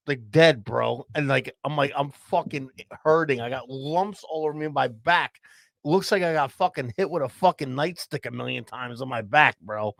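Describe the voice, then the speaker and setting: Man, mid-range gravelly voice, loose profane storyteller, dry close mic. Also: a little high, a bit bright, no room sound. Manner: profane, says "bro" constantly. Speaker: podcast co-host. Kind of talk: casual storytelling.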